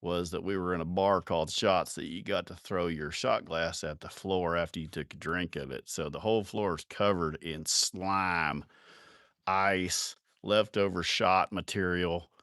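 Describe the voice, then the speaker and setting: A man's voice: sits low, unhurried, a bit bright, dry recording, studio quality. A man telling rowdy, profane bar stories in a live stream, often laughing as he talks. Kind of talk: casual storytelling.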